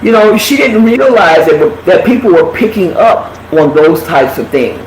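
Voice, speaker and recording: A live chat show host tells blunt, profane gossip stories in a casual chat, talking animatedly with lots of cursing. His voice sits high and moves a little slowly, in an echoey room with faint background hiss.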